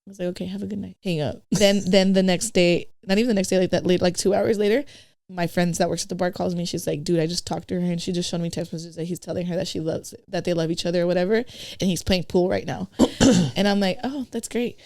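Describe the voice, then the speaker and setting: A woman's voice: on the low side, fast. A woman guest on a podcast, telling a blunt, profane story in casual chat and acting out who said what. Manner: blunt, profane, animated retelling of conversations.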